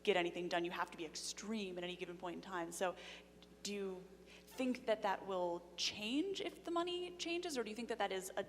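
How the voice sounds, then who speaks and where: A woman's voice: mid-range voice, fairly quick. A woman in the audience at a lecture, asking an earnest, long, rambling question. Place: lecture hall. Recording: long hall reverb, faint hum.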